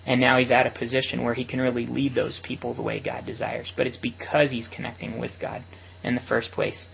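A man's voice: medium pitch, monotone, a little fast, vocal fry, dull audio, a little hiss or hum. A man giving an earnest, reflective sermon to ministry workers at a retreat.

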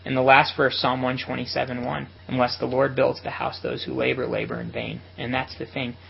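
A man's voice: medium pitch, level tone, a little fast, creaky, highs cut off. A man giving an earnest, reflective sermon to ministry workers at a retreat.

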